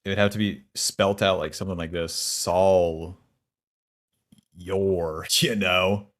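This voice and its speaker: A man's voice: low-pitched, fairly even intonation, slow, a bit bright. A man streaming a video game, chatting casually with a wry, profane, grumbling manner. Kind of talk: casual gaming stream chat.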